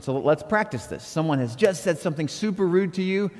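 Animated male pastor in a reverberant hall. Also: on the high side, brisk, hardly any pauses. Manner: conversational, animated preaching with quoted inner dialogue. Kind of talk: sermon. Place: church auditorium. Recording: long reverb of a church hall.

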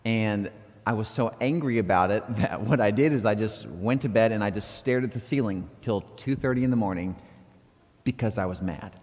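A man's voice: fairly low pitch, normal speed, a little mellow. A middle-aged man, preaching a sermon as a pastor, telling candid, self-deprecating stories with chuckles. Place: church sanctuary. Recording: long reverb of a church hall.

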